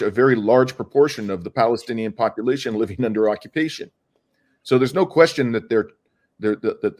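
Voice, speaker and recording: An earnest male lawyer lays out a legal argument in an interview. His voice sits at a middle pitch. He leans hard on key words and stumbles through fillers and restarts.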